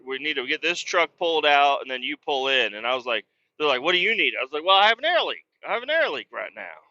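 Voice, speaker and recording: A man's voice: mid-range voice, big pitch swings, fast talker, pushed and bright, highs cut off. A man, a truck driver, hosting a podcast and telling a rambling story in casual, profane talk, raising his voice when he quotes people.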